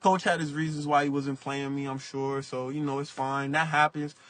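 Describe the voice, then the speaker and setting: A man's voice: medium pitch, moderate pace, dry recording. A young man talking casually as a podcast guest, telling stories in laid-back slang and acting out what people said. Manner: animated storytelling, acts out quotes. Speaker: podcast guest, basketball player. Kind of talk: casual interview talk.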